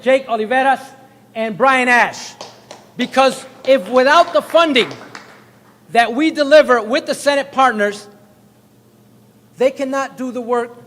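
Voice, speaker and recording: A man, a state representative, giving a jokey, effusive speech at a press event. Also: fairly bright tone. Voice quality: high-pitched, booming, jokey and effusive. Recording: long hall reverb.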